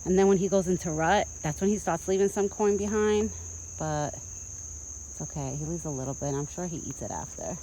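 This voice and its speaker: A woman's voice: on the low side, expressive, moderate pace, dark tone, slight background noise, poor audio. A young woman vlogging casually outdoors at a rural feeding spot, filming on a handheld phone. She chats in a rambling way and goes sing-song when she talks to the deer. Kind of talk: casual vlog chat. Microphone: phone held in hand.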